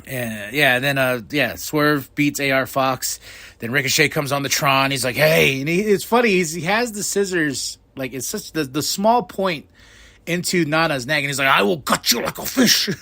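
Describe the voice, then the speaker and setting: A man hosting a podcast, recapping a wrestling show in a rambling, excitable way, laughing often and swearing casually. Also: fairly high pitch, normal speed, no room sound. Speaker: podcast host.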